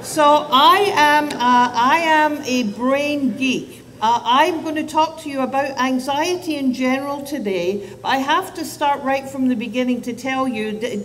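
A woman in her fifties, a child psychiatrist, giving a public talk to parents and teachers in a chatty, self-deprecating way with asides and restarts. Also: on the high side. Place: event hall. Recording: distant mic, long hall reverb, faint noise.

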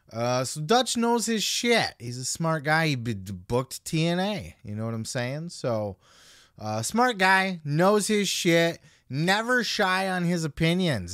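A man's voice: fairly high pitch, fairly bright tone, no room sound, clean studio sound. A man hosting a podcast, giving casual commentary in a blunt, heavily profane way. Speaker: podcast host.

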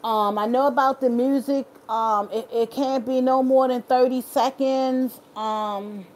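A woman's voice: sits high, fairly even intonation, measured pace, a little mellow. A woman hosts a casual live stream. She reads out viewers' comments and answers them directly, earnest and encouraging.

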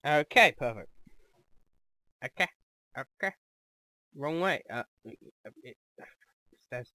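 A man hosting a let's play, commenting excitedly on the game, joking and laughing easily. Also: mid-range voice, takes it slowly, long pauses, dry recording.

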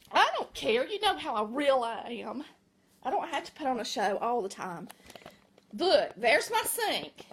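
A woman's voice: high voice, fairly bright tone. A middle-aged Southern woman with a Southern American accent, chatting folksily to viewers in a casual vlog from her home kitchen. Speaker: vlogger.

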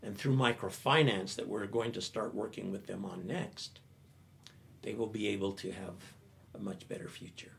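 An older man, a professor, telling an animated story in a talk. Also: fairly low pitch, moderate pace, creaky, a little hiss or hum. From United States.

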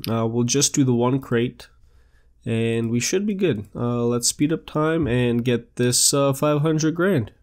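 This is a young man giving relaxed, chatty commentary over a management game he is playing. He talks through each step out loud in an upbeat way, at a middle-of-the-road pitch, into a desktop microphone. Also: measured pace. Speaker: let's play host. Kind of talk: casual gameplay commentary.

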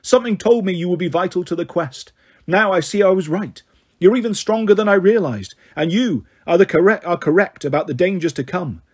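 A man's voice: high-pitched, expressive, a little fast, a little mellow, breathy edge. A man voicing a haughty queen goddess. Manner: commanding, scornful, regal. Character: haughty imperious queen goddess, female, ancient.

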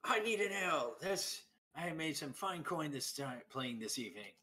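A man's voice: fairly high pitch, sing-song, normal speed, sharp tone, breathy edge, pitched above the performer's own voice, heavily acted. A man voicing a flamboyant half-elf woman entertainer who orders drinks boldly. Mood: boastful. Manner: bold, demanding tavern orders.

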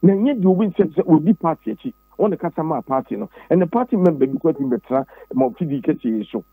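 A Ghanaian man with a husky voice talks politics with a preacher's insistence. He repeats himself and his voice jumps sharply higher on key points. The sound is dry and narrow, like a phone line. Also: animated, fast talker, no echo. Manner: emphatic and preachy, with sudden high pitch leaps and repeated words. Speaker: interview guest, pastor and former presidential candidate. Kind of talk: political interview, Twi mixed with English.

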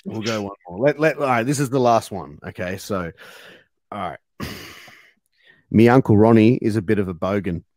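A man's voice: lowish voice, normal speed, a little mellow, dry recording. An Australian man hosting a casual interview game, jokey, laughing easily and repeating himself. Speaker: host.

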